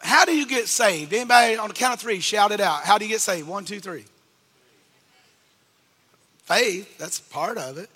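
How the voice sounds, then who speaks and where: Male pastor, high voice, very bright and piercing, call-and-response preaching, long church reverb. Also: expressive, moderate pace, long pauses, husky. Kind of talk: sermon. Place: church sanctuary.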